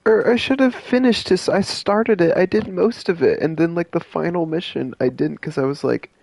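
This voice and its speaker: A man's voice: on the high side, moderate pace, gravelly, darkish tone, no room sound. A man giving casual let's-play commentary, chatty and self-deprecating. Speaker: gamer playing on video.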